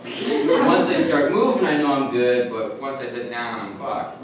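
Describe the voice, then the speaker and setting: A young man with a Detroit accent telling a rambling, self-mocking story at a live storytelling night, with halting restarts. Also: mid-range voice, a crowd in the background. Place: comedy club stage. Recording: echoey room from far off, noisy.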